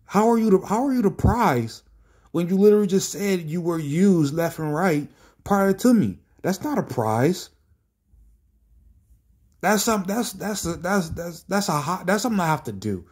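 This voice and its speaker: A man's voice: high-pitched, lively intonation, normal speed, a little mellow, slightly rough. A man reacting to viewer comments in a rant that is exasperated, profane and sarcastic. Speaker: commentary streamer.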